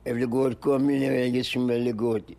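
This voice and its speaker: A man, rambling playfully as an interviewee, with a gravelly voice and chanting repetitions. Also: medium pitch, flat delivery, moderate pace, dark tone. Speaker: interviewee, musician. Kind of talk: free-associating rambling chat.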